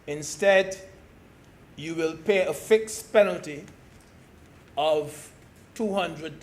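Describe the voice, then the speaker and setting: A man from Barbados giving a parliamentary speech as a senator, slow and deliberate, stressing key words. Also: on the high side. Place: senate chamber.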